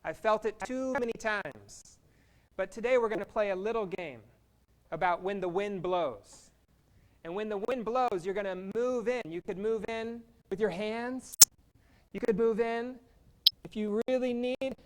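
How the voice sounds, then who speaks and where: A workshop facilitator from Kansas, leading a live group icebreaker in an energetic, playful way and speaking slowly for the room. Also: mid-range voice, slight background noise.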